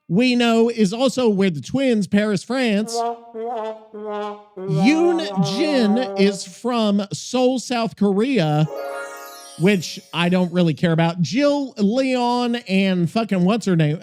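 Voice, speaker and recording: A man hosting a gaming podcast, rambling casually, swearing and thinking aloud as he looks things up. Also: extremely high pitch. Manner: rambling, swears, talks to himself while searching. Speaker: podcast host.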